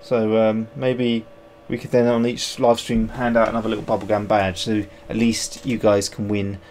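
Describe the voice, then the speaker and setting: Here the sculptor's voice is fairly low, with little pitch movement, a moderate pace, and a darkish tone, plus a little hiss or hum. He rambles and reasons aloud while sculpting on stream, joking about himself and welcoming viewers.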